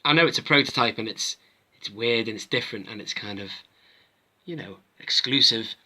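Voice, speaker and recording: A man with a strikingly bright, forward tone, medium pitch and fairly quick delivery, hosts a toy collector channel and reviews collectible figures to camera. He's easygoing and chatty but rambles, doubling back and interrupting himself to make corrections.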